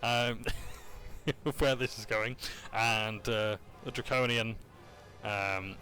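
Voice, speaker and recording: A man casually recaps a tabletop game session, using fillers, joking and correcting himself as he goes. His voice is fairly low-pitched, steady and sharp, and he speaks slowly.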